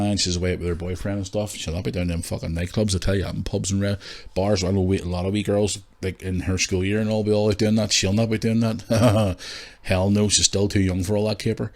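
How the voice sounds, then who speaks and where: A man hosting a casual solo podcast, rambling, candid and quick to swear. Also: low-pitched, level tone. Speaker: podcast host.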